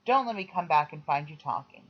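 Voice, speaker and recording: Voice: mid-range voice, animated, fairly quick, natural voice. A strict nun, as a reader puts her on, scolds in a preachy, lecturing way. The sound is a touch dull and lo-fi. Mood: scolding. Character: stern nun scolding children. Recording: slightly dull lo-fi recording.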